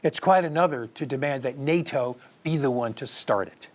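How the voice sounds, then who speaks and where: A man's voice: mid-range voice, moderate pace. Earnest male political commentator. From United States. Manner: earnest, rhetorical questions, emphatic rises. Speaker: news commentary host.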